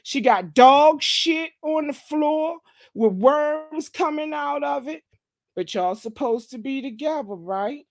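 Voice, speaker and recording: High-voiced woman ranting with profanity. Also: lively intonation, takes it slowly, no room sound. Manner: profane, mocking, confrontational, repeats "okay?". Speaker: gossip commentary host. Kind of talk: ranting commentary monologue.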